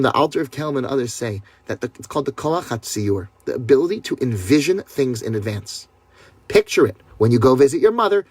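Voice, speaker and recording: A man's voice: mid-range voice, slightly rough, dry recording. A man, a rabbi, teaching a class over a video call in a conversational way, often asking listeners rhetorical questions. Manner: talks straight to listeners, with rhetorical questions and many "right?".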